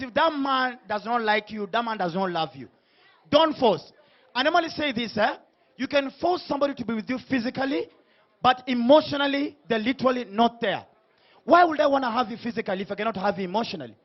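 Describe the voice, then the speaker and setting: A man hosting a comedy talk show in a strikingly high voice. He ribs his guests and throws shouted lines at the crowd. The recording sounds muffled and lo-fi. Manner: teasing, punchy, shouts hype lines to the crowd. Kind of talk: comic stage hosting before a live audience.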